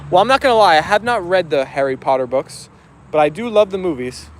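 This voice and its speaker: A man's voice: high-pitched, animated, a little fast, a little hiss or hum. A man hosting a casual live stream outdoors, chatting easily as he reads out viewer comments and answers them. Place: outdoors with his dogs.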